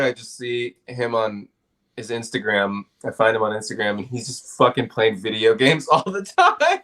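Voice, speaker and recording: A man's voice: medium pitch, big pitch swings, normal speed, fairly bright tone. Laughing, profane storytelling man. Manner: laid-back, profane storytelling with frequent laughter. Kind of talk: casual podcast conversation.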